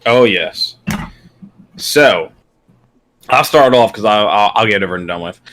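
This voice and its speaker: A man's voice: fairly low pitch, animated, a little slow, a bit bright, a little hiss or hum. A young man co-hosting a podcast in casual chat, often stammering and repeating words. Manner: stammering, chatty, self-deprecating. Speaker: podcast co-host.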